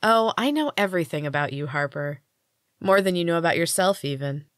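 A woman reads a tattooed teenage girl who mocks and menaces, voiced low and dry. She taunts slyly and takes her time. The part stays close to an audiobook reader's everyday storytelling voice. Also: animated, fairly quick, no echo, natural voice. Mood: taunting. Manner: taunting, sly. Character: menacing, mocking tattooed teen girl with strange powers.

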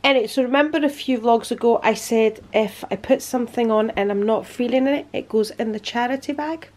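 A woman's voice: fairly high pitch, fairly even intonation, brisk, a little mellow. A woman vlogging casually to camera in her room at home, chatting, laughing often and sometimes talking with food in her mouth.

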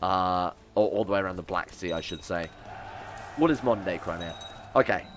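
Brief: young man, lowish voice, casual sarcastic game commentary with swearing, faint music underneath. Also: fairly quick, fairly bright tone. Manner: chatty, sarcastic, swears, talks back to game characters. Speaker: gaming YouTuber.

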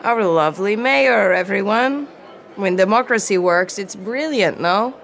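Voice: mid-range voice, a little slow, vocal fry, fairly bright tone, pitched above the performer's own voice. A narrator voicing a disgusted, tipsy townswoman who slurs and grumbles sarcastically. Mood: mocking.

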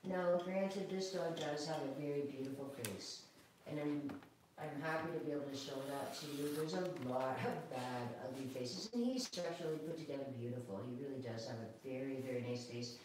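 A woman dog groomer giving a chatty, calm live grooming demonstration, talking now and then to the dog. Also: sits low, moderate pace, far from the mic, noisy background. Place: grooming room, indoors. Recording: echoey room, away from the mic.

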